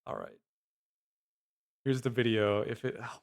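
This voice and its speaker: A man's voice: fairly low pitch, fairly even intonation, a little slow, pauses often. A man chatting casually on a livestream. He rambles, swears and laughs often. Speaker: streamer.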